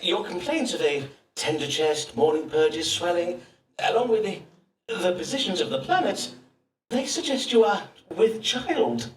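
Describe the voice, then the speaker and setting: A pompous astrologer-physician of the Elizabethan age, pronouncing in archaic, formal English. His voice is slightly high and very lively in melody. It sounds roomy and set back from the mic, with faint ambience behind. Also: unhurried, a little hiss or hum. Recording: roomy distant game audio with faint ambience.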